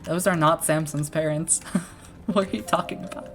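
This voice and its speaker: A woman's voice: low voice, fairly even intonation, moderate pace, music in the background. A woman game developer giving casual let's-play commentary, chatty and self-deprecating.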